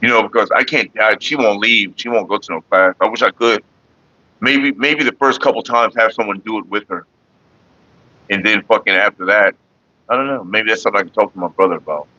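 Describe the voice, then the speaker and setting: A middle-aged man chats bluntly and profanely with his livestream viewers. His voice is bright and forceful, and it sits in a dry, close-sounding space. The recording is a little dull and lo-fi. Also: lowish voice, brisk, no room sound. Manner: blunt and profane, talks straight to chat. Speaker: livestream host. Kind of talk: casual livestream chat with viewers.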